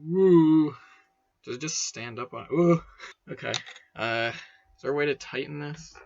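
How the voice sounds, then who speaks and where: A man's voice: a little high, unhurried, gravelly, darkish tone, highs cut off, a little hiss or hum. A young man rambling casually and swearing as he unboxes and sets up a microphone at home. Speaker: video creator. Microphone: desk microphone being set up.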